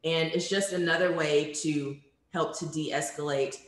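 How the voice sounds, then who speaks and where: A woman's voice: deep voice, steady tone, measured pace. A woman leading a virtual conference training session from home, talking in a friendly, conversational way with frequent ums. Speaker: workshop facilitator. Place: home room. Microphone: video call. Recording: echoey room.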